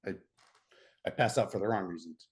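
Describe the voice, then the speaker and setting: A middle-aged American man, a podcast guest, telling a story in a casual, animated way, often laughing and restarting his sentences. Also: low voice, a little fast.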